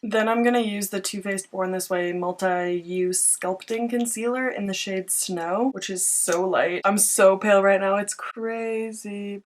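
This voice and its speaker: A woman's voice: mid-range voice, steady tone, unhurried, few pauses. A young woman talking through a makeup tutorial in a chatty, self-mocking way. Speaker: beauty vlogger.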